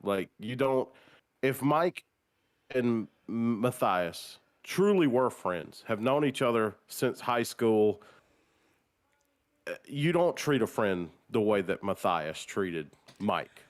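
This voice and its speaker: Slow, animated man joking mock-solemn. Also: mid-range voice. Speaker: podcast co-host. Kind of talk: casual fan podcast chat.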